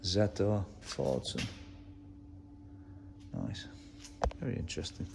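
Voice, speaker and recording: This English visitor has a low voice with vocal fry and lively intonation, and he talks slowly as he strolls through an indoor tractor museum. He is chatty, swears freely and reads labels aloud, with background noise plus the faint ambience of a reverberant hall.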